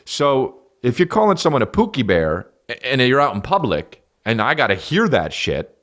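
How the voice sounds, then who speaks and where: A man hosting a podcast, riffing in a rambling, profane comic style with sudden loud jumps. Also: mid-range voice, wildly swooping pitch, normal speed. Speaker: podcast host and stand-up comedian. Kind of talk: casual solo podcast rant.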